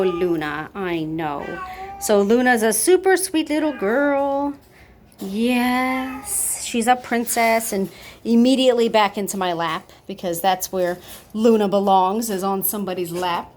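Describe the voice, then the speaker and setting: A woman's voice: mid-range voice, a little hiss or hum. A woman chatting casually in an adoption video, talking up kittens and cooing baby talk to them, with cats meowing nearby at home. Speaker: cat foster and adoption volunteer.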